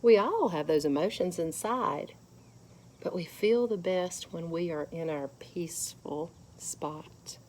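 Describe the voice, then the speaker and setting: A woman leading a children's lesson at church, gently guiding them through counting and calm breathing. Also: fairly low pitch, takes it slowly, slight background noise.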